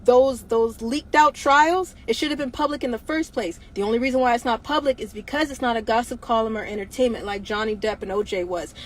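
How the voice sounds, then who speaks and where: A woman's voice: fairly high pitch, fairly quick, few pauses, poor audio. A woman hosting a livestream, talking bluntly and emphatically, firing off repeated rhetorical questions with some profanity. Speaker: livestream host. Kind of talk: impassioned livestream monologue.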